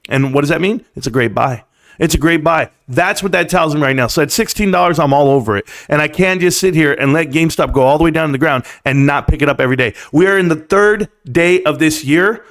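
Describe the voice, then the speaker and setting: A man hosting a live stream, talking casually and emphatically about the stock market and telling quick stories. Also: on the high side, fairly bright tone. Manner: chatty, storytelling, emphatic.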